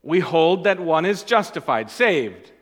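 A man preaching a sermon as pastor. He stresses and repeats key phrases, and his voice swings between loud and quiet. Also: a little high, big pitch swings, a little slow, long reverb tail.

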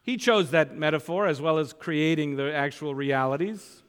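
Emphatic preacher in a reverberant hall. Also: male voice, fairly high pitch, moderate pace, clean tone. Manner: emphatic, repeats key phrases for weight; reads scripture aloud with rising force. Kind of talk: sermon.

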